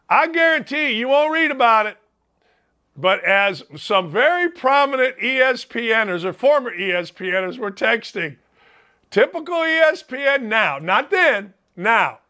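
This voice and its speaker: A man's voice: very high voice, bright, forceful tone. A man hosting a sports talk show, delivering a blunt, rambling, combative college basketball rant.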